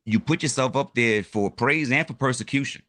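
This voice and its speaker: A man chatting casually as a guest creator on a toy livestream, animated and full of "my brother" and "you know what I'm saying". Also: medium pitch, normal speed, no room sound, studio quality.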